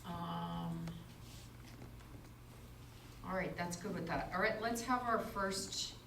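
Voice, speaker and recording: A woman's voice: lowish voice, slow pace, creaky, noisy background. Give me a female instructor lecturing, heard from far off in an echoey classroom. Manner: explanatory, asks the class questions. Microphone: far room mic.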